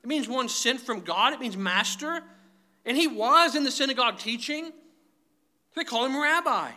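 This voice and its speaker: A man's voice: very high voice, expressive, moderate pace, bright, forceful tone. A man preaching a sermon, emphatic and direct, often calling his listeners "guys". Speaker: pastor.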